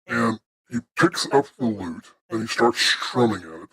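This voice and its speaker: Husky low-voiced man running a game. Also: a little slow, a bit bright, no echo, rough recording. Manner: casual, descriptive, with fillers. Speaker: game master. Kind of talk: tabletop game narration.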